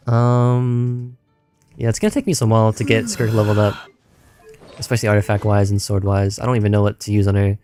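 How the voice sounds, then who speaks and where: A man's voice: fairly low pitch, brisk, dark tone, soft background music. A man streaming a video game who rambles, repeats himself and laughs a lot, sounding tired as his voice wears out. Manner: rambling, stammering, laughing often. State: tired, voice going. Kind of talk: casual gaming livestream chat.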